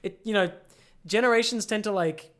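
A man's voice: high voice, normal speed, a bit bright. A man co-hosting a podcast, musing and rambling in casual chat. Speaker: podcast co-host.

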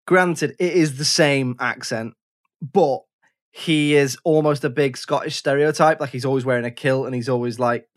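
A man co-hosting a casual film chat, relaxed and jokey, often hesitating. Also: mid-range voice, moderate pace. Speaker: podcast co-host.

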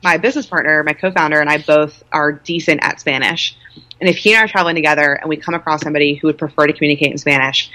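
A woman in her thirties with a low, deep-set voice, speaking as an interview guest. She talks in a chatty, candid way and pokes fun at herself. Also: steady tone, very fast, sharp tone. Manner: chatty, candid, self-deprecating. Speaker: guest, nonprofit co-founder. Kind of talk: casual conversational interview.

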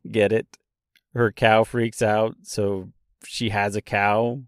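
A man's voice: on the low side, level tone, slow, smooth, dry recording, studio quality. A man hosting a solo book discussion podcast, chatty and playful, fond of puns and dad jokes, talking straight to his listeners. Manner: chatty, addresses listeners directly. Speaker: podcast host and author.

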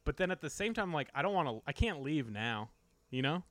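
A man's voice: fairly high pitch, very animated, brisk, fairly bright tone, no room sound. An American man chatting casually on a podcast, telling a story with lots of likes and you-knows. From United States. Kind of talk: casual chat.

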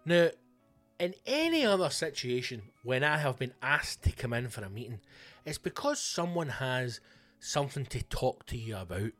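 A man's voice: mid-range voice, very animated, normal speed, a bit bright, faint music behind. Scottish male comedian-host, mid-range voice, foul-mouthed ranting storyteller. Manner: sweary, blunt, ranting. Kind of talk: casual comic storytelling monologue.

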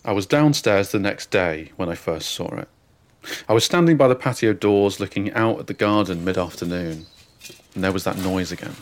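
A man narrating a comic first-person story with a deadpan, wry delivery and dry asides. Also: deep voice, moderate pace.

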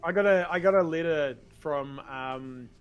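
A man hosting a podcast game show in relaxed, casual chat full of "um" fillers. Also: on the high side, unhurried, clean tone. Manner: relaxed, many "um" fillers, informal.

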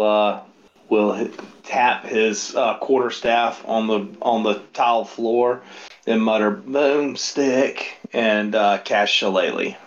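Man, tabletop player, slow measured talk, dull lo-fi sound. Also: on the low side. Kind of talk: casual tabletop play.

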